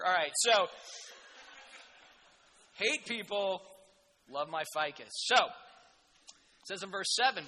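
A male preacher delivers a sermon with a high, very bright and forceful voice. He talks in an animated, jokey way, with sarcastic asides and sudden emphatic bursts. His voice rings with long reverb in a large hall. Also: measured pace, creaky, pauses often.

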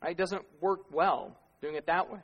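A man with a fairly high voice preaches in a casual, talky way. He throws out rhetorical questions and owns up to his own faults. His voice rings out with the long echo of a big church hall. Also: steady tone, moderate pace, lo-fi sound. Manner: conversational preaching with self-deprecating laughs and rhetorical questions. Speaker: pastor. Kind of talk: sermon. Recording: long reverb of a large hall.

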